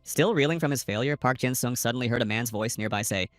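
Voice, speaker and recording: A man narrates a comic-book story recap at a brisk clip, reading every character's lines himself. His scripted reading has a slightly uneven, machine-like stress. The recording is dry and close, with no room sound. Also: medium pitch, animated, a bit bright, dry recording. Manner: reads all characters' lines in a lightly varied narrator voice.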